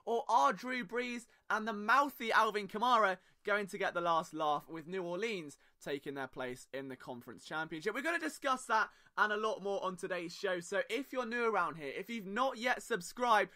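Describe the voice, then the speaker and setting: Bright high-voiced British young man. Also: animated, moderate pace, hardly any pauses. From Britain. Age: young adult. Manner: sarcastic, self-mocking, rambling asides. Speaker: podcast host. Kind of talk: casual solo podcast monologue.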